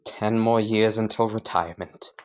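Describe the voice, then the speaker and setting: A woman voicing a worn-out male teacher who talks in a flat, weary, dry way. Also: a bass voice, normal speed, voice pushed down.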